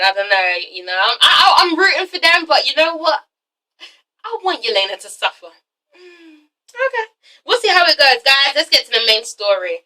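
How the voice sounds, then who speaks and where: Woman, high bright voice, sassy, profane, excitable recap vlog, slightly distant mic. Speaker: TV episode reviewer.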